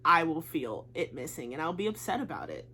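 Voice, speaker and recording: A woman's voice: deep voice, sing-song, brisk, noisy background. A young woman gushing about a musical in a casual vlog, chatty and full of "like". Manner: chatty and gushing, says "like" a lot. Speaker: vlogger.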